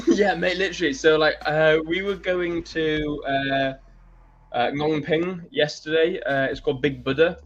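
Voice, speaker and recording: Animated, laughing man telling stories. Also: fairly high pitch, unhurried, highs cut off. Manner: animated storyteller, laughs often. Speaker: co-host. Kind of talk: casual chat. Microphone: video call or stream setup.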